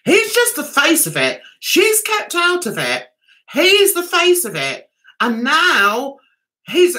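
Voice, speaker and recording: A woman's voice: fairly high pitch, bright, forceful tone. A woman hosting a livestream, chatting with viewers and giving indignant, emphatic commentary. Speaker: YouTube host.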